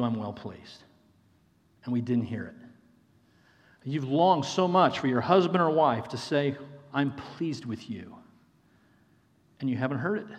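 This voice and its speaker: Earnest male pastor in a reverberant hall. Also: on the high side. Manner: earnest, repeats phrases for emphasis, addresses listeners as friends. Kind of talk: sermon.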